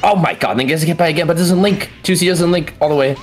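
A tournament commentator doing excited fighting game play-by-play, yelling and swearing at big moments, then breaking the action down quickly in between. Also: medium pitch, soft background music. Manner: explosive yelling and swearing, frequent exclamations; calmer fast breakdowns between outbursts.

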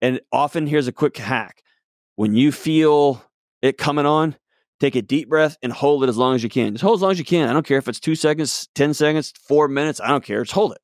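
Emphatic man telling lively stories, dry mic. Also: fairly quick, dry recording. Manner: emphatic, swings between loud excited and soft low tones. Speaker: guest mental health expert. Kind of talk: animated storytelling in conversation.

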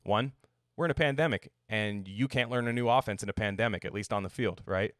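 A man's voice: on the low side, fairly quick, fairly bright tone, no room sound, studio quality. A young man hosting a sports podcast, rambling in a casual, sarcastic way and swearing now and then.

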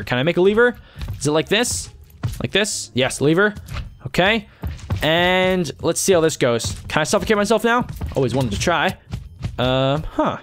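Man, gaming YouTuber type, chatty self-talk over gameplay, voice sits a bit high, soft music underneath. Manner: chatty, talks to himself and viewers while playing. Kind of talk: let's-play commentary.

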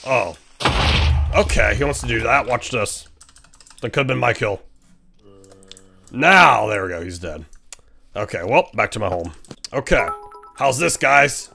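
A man streaming a game, giving casual, excitable commentary, laughing often and teasing other players. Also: lowish voice, vocal fry.

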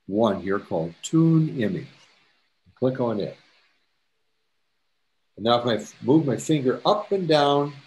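A Canadian photography instructor with a medium-pitched, darkish voice presents a step-by-step photo editing tutorial to a camera club. He's chatty, repeats himself, and drops jokey asides.

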